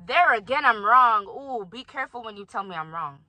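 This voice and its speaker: A woman's voice: on the high side, lively intonation, a little fast, sharp tone, slight background noise, low-quality recording. A young woman vlogging, talking straight to her viewers in emphatic, indignant commentary. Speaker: vlogger reacting to her own recording. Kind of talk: heated commentary.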